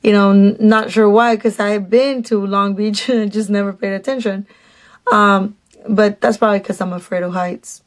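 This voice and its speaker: A woman's voice: mid-range voice, steady tone, normal speed. Chatty, sarcastic woman telling a story. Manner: chatty, sarcastic, full of fillers and asides. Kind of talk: casual storytime vlog.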